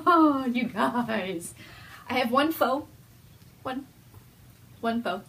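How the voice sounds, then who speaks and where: A woman's voice: fairly high pitch, a bit bright, slight background noise. A young woman hosting a knitting video podcast at home, chatting casually and laughing often.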